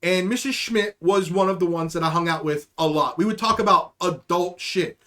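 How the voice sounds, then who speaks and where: A man with a high-pitched voice tells a crude, rambling story in a casual podcast monologue. He jokes and curses freely while he talks to his listeners. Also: moderate pace, fairly bright tone. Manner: rambling, profane, jokey. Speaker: podcast host.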